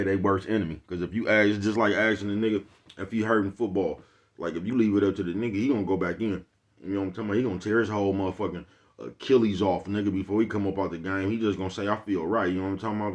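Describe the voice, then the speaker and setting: Speaking in a very deep, low voice, a vlog host drifts loosely from one life lesson to another in a laid-back pep talk to his audience. His talk is profane and full of streetwise slang, and he repeatedly checks in by asking "you know what I'm talking about."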